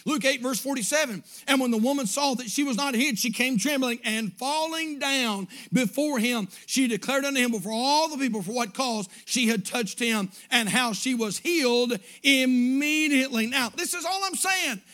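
High, bright-voiced preacher shouting his sermon. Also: moderate pace, hardly any pauses. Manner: preaches in rising, shouted bursts, then drops low and quiet; acts out prayers and quotes in a pleading voice. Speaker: pastor. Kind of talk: fervent revival sermon.

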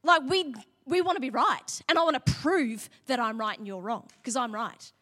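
Aussie woman pastor preaching, high bright voice, chatty then fired up, big echoey hall. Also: moderate pace. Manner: conversational, laughing asides, building to emphatic preaching. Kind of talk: sermon with personal story. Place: church hall. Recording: long hall reverb.

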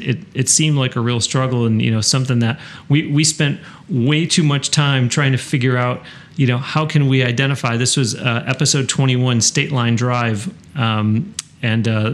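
A man from Western New York hosting a podcast interview, chatty and rambling, with frequent restarts. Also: mid-range voice. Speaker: podcast host. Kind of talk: casual interview and show announcements.

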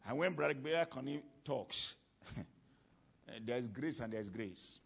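A man's voice: medium pitch, lively intonation, slow, vocal fry, fairly bright tone, a little hiss or hum. A man preaching a sermon to a congregation, emphatic and fond of repeating his key lines for weight. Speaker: preacher teaching on ministry.

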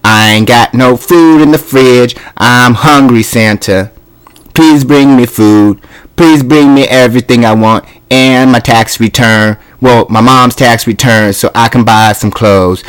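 A man's voice: mid-range voice, unhurried, clean tone, close to an everyday voice. A man playing a rambling greedy kid. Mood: deadpan. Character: scheming boy Buster asking Santa for loot.

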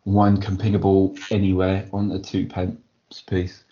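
A man talks in a low register, his chat full of passion and rising excitement. The sound is a little muffled and lo-fi, like a home podcast setup. He rushes to make his point. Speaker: podcast co-host. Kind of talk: casual chat. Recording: dull lo-fi audio.

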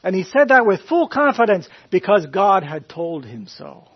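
A man preaching a conversational sermon to a Bible class, questioning his listeners in a folksy, animated way. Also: sits high, moderate pace, husky. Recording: dull lo-fi recording.

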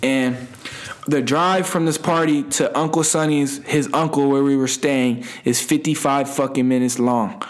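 A man's voice: medium pitch, steady tone, measured pace. A young man telling a rambling, profane party story in casual slang, laughing as he goes. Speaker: guest storyteller.

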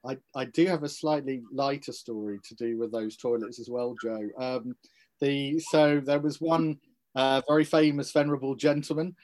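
A man, a local historian co-hosting a podcast, telling anecdotes in a relaxed, hesitant way with frequent fillers. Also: mid-range voice, normal speed. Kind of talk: casual podcast storytelling.

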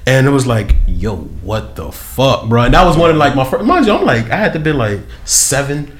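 A man's voice: fairly high pitch, fast. A man hosting a podcast, telling stories in casual chat full of slang and profanity. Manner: storytelling, profane slang, animated. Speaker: podcast host.

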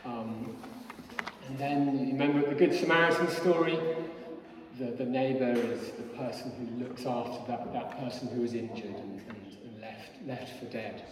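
A man's voice: medium pitch, moderate pace, noisy background. A man giving a nervous lay sermon as church warden, hesitant, with many fillers and restarts. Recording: echoey church from far off.

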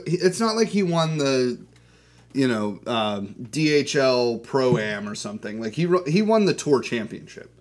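Male podcast co-host, mid-range voice, relaxed sidekick energy. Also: mid-range voice, unhurried. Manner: laid-back, short agreeing interjections. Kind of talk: casual chat.

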